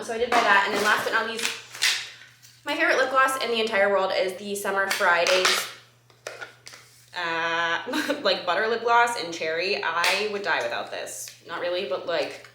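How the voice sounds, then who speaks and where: A woman's voice: mid-range voice, noisy background. A woman in her twenties chatting casually to camera about beauty products in her apartment, rambling with lots of ums. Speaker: beauty vlogger. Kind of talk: casual haul chat to camera. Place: apartment living room. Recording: roomy echoey room.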